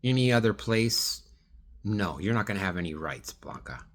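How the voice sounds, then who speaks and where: A man's voice: on the low side, big pitch swings, normal speed, fairly bright tone. A man speaking straight to one absent person in a rambling, pleading video monologue. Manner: rambling, restarts and trails off. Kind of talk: direct-address video monologue.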